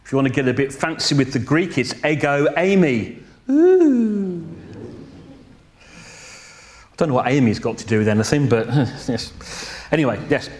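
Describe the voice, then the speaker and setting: A man preaching a sermon in a slow, deliberate way, pausing to correct himself and adding a light joke now and then. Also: mid-range voice.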